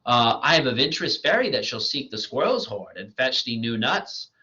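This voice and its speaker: A man's voice: medium pitch, big pitch swings, normal speed, pushed and bright. A man reading the part of a lovestruck fairy queen, in a tender, doting way. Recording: lo-fi dull recording.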